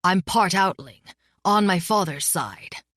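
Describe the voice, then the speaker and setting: A gruff old bearded mentor, as a woman voices him, speaking in a slow, firm and gently sorrowful way. The delivery is dry and close, from an audiobook reading. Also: on the low side, animated, no room sound, heavily acted. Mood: grave.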